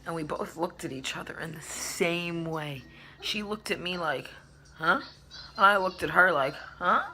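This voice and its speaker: A woman's voice: lowish voice, moderate pace, pushed and bright. A young adult woman vlogger in a casual storytime chat, acting out quotes and swearing casually.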